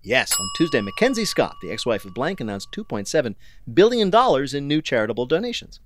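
A man hosting a news quiz, reading questions briskly and landing wry punchlines. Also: mid-range voice, sing-song, slight background noise. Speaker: quiz show host.

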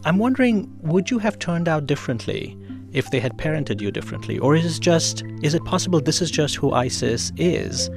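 A man hosting a radio feature, narrating a guest's story in a measured way and asking her questions. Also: a little high, very animated, gravelly, over music. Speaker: radio show host and interviewer. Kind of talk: scripted narration with interview questions.

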